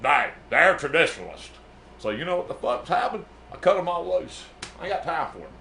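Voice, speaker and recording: A man's voice: fairly high pitch, lively intonation, brisk, creaky, sharp tone, slight background noise, heavily acted. A man playing a brash, profane music manager, rambling and boasting in an improvised comedy bit. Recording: echoey room.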